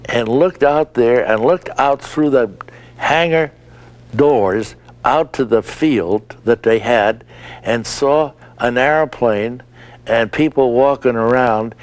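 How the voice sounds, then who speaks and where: Older man telling lively anecdotes. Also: mid-range voice. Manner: lively storyteller, acts out quotes. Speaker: interviewee. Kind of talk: anecdotal recollection.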